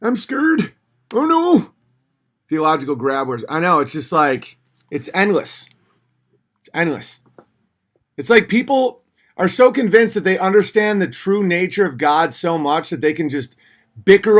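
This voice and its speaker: A man in his thirties hosting a casual livestream, reading viewer messages aloud and answering them sardonically, switching between mocking voices and low mutters. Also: animated, normal speed, a bit bright.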